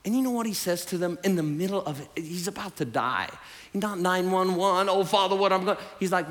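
A man preaching a sermon to a congregation, animated, swinging between loud emphasis and hushed asides. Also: high voice, fairly quick. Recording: hall reverb.

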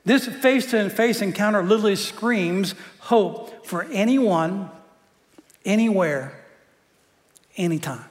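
A pastor with a notably high voice delivers a sermon to his congregation in a chatty, joking way, often tripping back over his own words. The recording rings with the long reverb of a large hall.

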